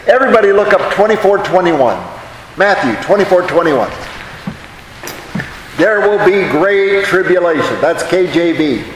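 A man's voice: sits high, fairly bright tone, roomy sound, in a large hall, a little hiss or hum, poor audio. A man teaching a Bible study in a conversational way, often putting questions to his audience.

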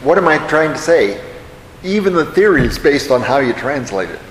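A man's voice: on the high side, very animated, moderate pace, echoey room, long reverb tail, a little hiss or hum, poor audio. A man teaching a Bible study in a conversational way, often putting questions to his audience.

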